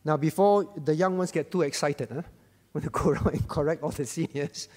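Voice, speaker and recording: A man's voice: a little high, fairly quick, a little mellow. Pastor guy preaching, keeps repeating stuff and asking the crowd questions, big echoey hall. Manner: emphatic, repeats key phrases and asks the congregation questions. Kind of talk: sermon. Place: church.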